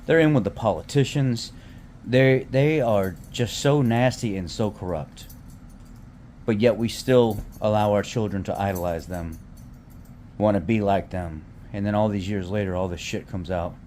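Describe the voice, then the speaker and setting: A man's voice: lowish voice, moderate pace, darkish tone, a little hiss or hum. A man in his thirties ranting casually to his viewers, heated and swearing freely, often restarting and repeating words. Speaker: vlogger. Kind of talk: casual rant to camera.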